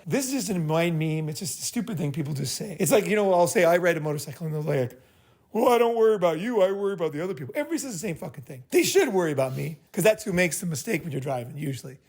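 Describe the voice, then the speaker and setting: A man's voice: high voice, a little mellow. A man hosting a group meeting, giving blunt, profane advice in a rambling way and checking in with "right?" after each point. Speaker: host leading a group meeting. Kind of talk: casual group talk, advice.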